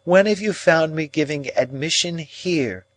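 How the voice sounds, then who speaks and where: Man putting on a cool proud young woman for an audiobook, slow and measured, a bit higher than his normal voice. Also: dry recording, close to an everyday voice. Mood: cold. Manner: measured, coolly reasoning. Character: cold, proud young woman, calm and cutting. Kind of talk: audiobook character reading.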